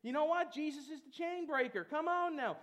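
A man preaching a lively sermon, chatty with many fillers and breaking into shouted calls to the congregation. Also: extremely high pitch, brisk. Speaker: pastor.

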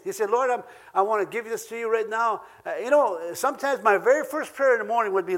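High-voiced preacher with an Ojibwe accent. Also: male voice, animated, brisk. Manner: earnest, repeats key phrases for emphasis, chuckles between points. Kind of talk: sermon.

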